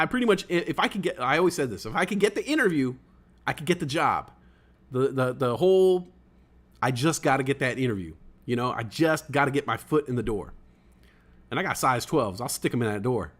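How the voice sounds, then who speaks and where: A man hosting a casual livestream podcast, reading chat comments aloud and rambling excitedly, swearing now and then. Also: medium pitch.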